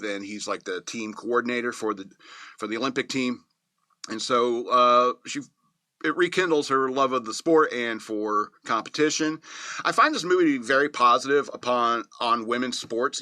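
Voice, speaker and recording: A man hosting a casual movie review show, rambling and joking, often laughing at his own remarks and slipping into quick mock voices for scenes. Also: medium pitch, pushed and bright, no echo. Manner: slips into quick mocking voices to act out scenes. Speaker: movie reviewer, podcast host.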